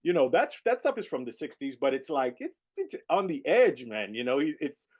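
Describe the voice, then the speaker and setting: A man's voice: on the high side, normal speed, husky. A middle-aged man, a guest jazz saxophonist, telling stories in a casual interview and leaning on "you know" as he talks. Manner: animated storyteller, peppered with "you know".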